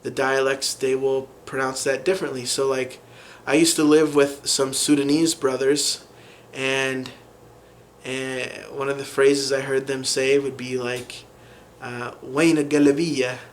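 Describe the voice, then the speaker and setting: A man explaining a language lesson in an unhurried way, pausing often with fillers as he works through examples. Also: mid-range voice, flat delivery, a little hiss or hum. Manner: unhurried, many fillers and restarts while explaining. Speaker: language teacher.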